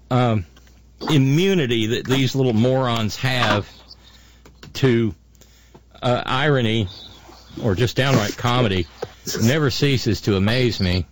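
Sarcastic older man with halting delivery. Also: medium pitch, a little hiss or hum. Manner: sarcastic, mocking, many fillers and restarts. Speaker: podcast host. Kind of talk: casual political commentary.

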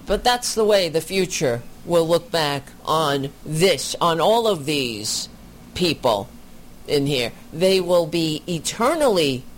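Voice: mid-range voice, expressive, slow, a little hiss or hum. A commentator reacting to a clip with indignant, sarcastic remarks.

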